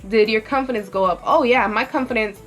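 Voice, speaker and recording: A woman's voice: a little high, brisk, faint music behind. Chatty young woman vlogger, lots of "like". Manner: rambling, heavy use of "like", candid, swears freely. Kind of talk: casual get-ready-with-me storytelling.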